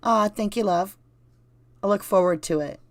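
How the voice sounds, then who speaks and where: A woman's voice: mid-range voice, normal speed, dry recording. A woman with a Southern US accent, chatting casually on a livestream and talking straight to her viewers. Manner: rambling, conversational, addresses viewers directly. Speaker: channel host reading live chat.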